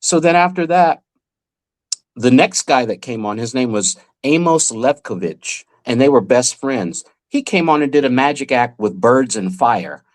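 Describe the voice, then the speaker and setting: A man, a magician, telling a lively story in a podcast interview and acting out the people he quotes. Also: mid-range voice, measured pace. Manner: animated storyteller who acts out the people he quotes. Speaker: magician guest.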